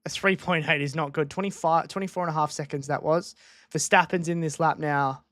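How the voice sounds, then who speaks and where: A man's voice: on the high side, fairly even intonation, a bit bright, no room sound, studio quality. Chatty man calling a race live. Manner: chatty, repeats himself, quick reactions. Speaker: live race watchalong streamer. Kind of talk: casual live commentary. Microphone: desk microphone.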